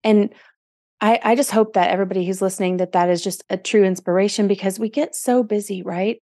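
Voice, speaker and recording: A woman's voice: medium pitch, steady tone, a little fast, mellow, dry recording, studio quality. A woman in her forties hosting a podcast, talking in an earnest, emotional and reflective way in casual interview chat. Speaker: podcast host.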